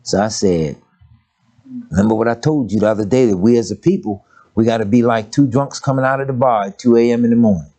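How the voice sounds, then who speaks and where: Older husky-voiced man preaching. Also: fast talker, warm tone. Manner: folksy, humorous, swings from low murmur to high exclamations. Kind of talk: sermon with storytelling.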